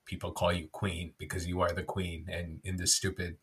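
A man's voice: sits low, little pitch movement, moderate pace, fairly bright tone, husky. A man in his thirties co-hosting a podcast, talking in a loose, rambling, self-deprecating way with lots of filler words. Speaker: podcast co-host. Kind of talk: casual chat.

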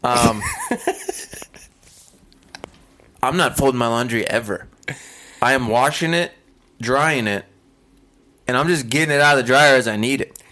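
A man's voice: medium pitch, unhurried, pauses often, sharp tone, low-quality recording. A man co-hosting a podcast in casual chat, teasing and firing off questions. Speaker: podcast co-host.

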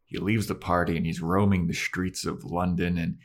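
A man co-hosting a podcast, recapping a TV episode in casual, animated storytelling. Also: sits low, normal speed. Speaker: podcast co-host.

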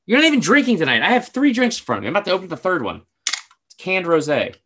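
A man's voice: sits high, very animated, rapid-fire, a bit bright, slight background noise. A man co-hosting a casual podcast, telling a story in a rambling way, with lots of filler words and casual swearing. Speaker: podcast co-host.

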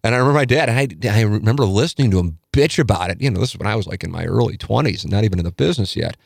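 A man's voice: lowish voice, lively intonation, very fast, creaky, a little mellow, no room sound, clean studio sound. A middle-aged man hosting a podcast in casual chat, tired and yawning, rambling and swearing freely. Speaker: podcast host.

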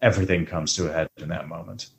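A man talking movies on a podcast in relaxed banter. His voice sits a bit low but jumps up when he gets into a bit, playful and sarcastic. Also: quick pace, creaky. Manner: animated, jokey, rises high when riffing. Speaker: podcast co-host. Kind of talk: casual movie podcast chat.

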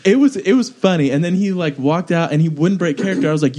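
A man tells a story in loose, casual podcast chat with a fairly high voice. He jumps into quoted dialogue with lively bursts. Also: quick pace. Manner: animated, acts out quotes. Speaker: podcast co-host.

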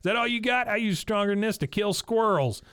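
Shrill paranoid cartoon man shouting demands from a tower, put on by a male podcaster; high and frantic. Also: lively intonation, fairly quick, clean tone. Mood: defiant. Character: paranoid middle-aged man holed up in a tower, ranting.

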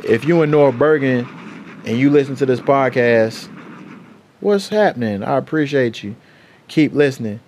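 A young man hosting his own podcast, chatting casually in a loose, profane, rambling way as he gives shout-outs. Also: mid-range voice, moderate pace, slight background noise. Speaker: podcast host. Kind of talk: casual solo podcast chat.

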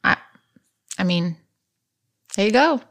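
A woman co-hosts a true-crime podcast in easy, casual chat. She teases her partner and laughs often, her voice sitting at an ordinary middle pitch. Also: animated, takes it slowly, a bit bright. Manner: playful, teasing, laughs often. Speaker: podcast co-host.

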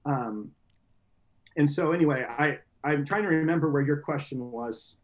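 An earnest young man speaks as a guest on a faith podcast, circling his points with restarts and "you know"s. His voice sits a touch higher than most men's. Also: normal speed, dull audio. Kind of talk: reflective conversational interview.

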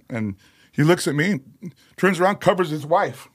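A middle-aged man, a metal singer telling stories as a podcast guest, animated, laughing and swearing freely. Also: on the high side, normal speed. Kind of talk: casual storytelling chat. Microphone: podcast studio mic.

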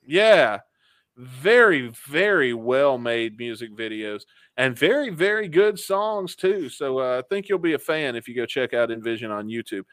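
Podcast co-host, male, joking casual delivery, smooth clear tone. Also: medium pitch, animated, moderate pace, a bit bright, no room sound. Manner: joking, laughing often.

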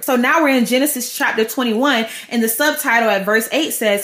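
A woman's voice: a little high, brisk, few pauses, a bit bright. A woman hosting a podcast, giving a casual, slangy devotional teaching in a storytelling way. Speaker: podcast host. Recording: roomy echo.

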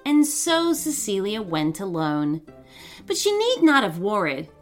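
A woman narrating a children's story in an expressive, dramatic way. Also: mid-range voice, unhurried. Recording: faint background music.

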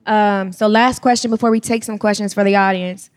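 A co-host slowly asking a guest a question, with hesitant phrasing. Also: medium pitch, steady tone, smooth. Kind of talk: interview questions.

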